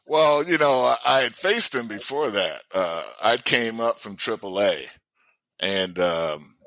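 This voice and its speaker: A man in his sixties telling stories as a guest in a casual chat, animated and often laughing. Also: lowish voice, measured pace, no echo. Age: 60s. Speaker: guest, former baseball player.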